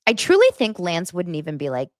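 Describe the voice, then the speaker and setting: A woman's voice: lowish voice, wildly swooping pitch, brisk, dry recording, clean studio sound. A woman hosting a casual gossip podcast, talking bluntly and sarcastically. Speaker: podcast host.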